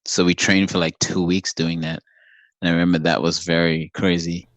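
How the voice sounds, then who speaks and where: A man guest on a podcast, telling stories about his acting career in a calm, matter-of-fact way and laughing often. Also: sits low, moderate pace, no echo. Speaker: actor guest. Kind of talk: casual anecdote telling.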